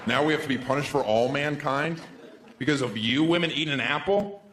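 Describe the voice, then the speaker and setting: A man in his thirties performing a stand-up comedy set on stage with a handheld mic, sarcastic, with deadpan asides. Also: fairly high pitch, fairly quick. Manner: sarcastic, deadpan asides, swoops into silly voices. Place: comedy stage before a live audience. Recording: echoey room, crowd laughter, background noise.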